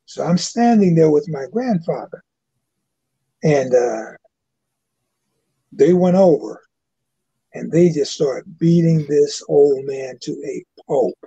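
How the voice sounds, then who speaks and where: Gravelly older man telling a story. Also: on the high side, dark tone, no room sound. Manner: halting, frequent "you know". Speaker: guest. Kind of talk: personal storytelling. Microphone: webcast mic. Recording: dull lo-fi webcast audio.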